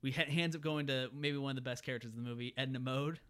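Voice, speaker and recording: A man's voice: mid-range voice, steady tone, very fast, a bit bright, smooth. A man chatting casually about a film, retelling scenes and quoting characters in little put-on voices.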